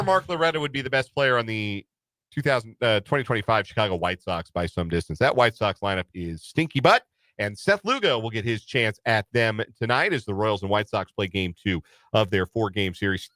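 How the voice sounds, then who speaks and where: A man's voice: medium pitch, very animated, normal speed, bright, forceful tone, dry recording. A man hosting a casual sports talk radio show, making dry wisecracks between game notes.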